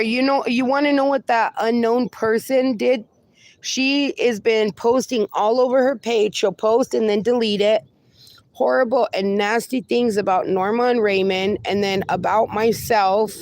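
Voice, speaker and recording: A woman hosts a casual livestream from her fenced yard, cooing baby talk at her dogs in between replies to viewers. Her voice is a little high with a darkish tone.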